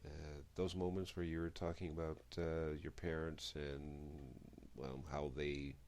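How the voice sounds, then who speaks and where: A middle-aged man with a very low, deep voice hosts a radio interview. He talks in a chatty, rambling way and keeps correcting himself mid-sentence. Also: level tone, measured pace, a little mellow, a little hiss or hum. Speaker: radio show host.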